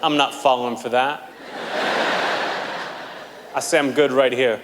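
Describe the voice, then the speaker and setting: A man doing stand-up comedy on a theater stage, telling a story in a dry, deadpan way. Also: medium pitch, slow. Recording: live hall reverb, faint noise.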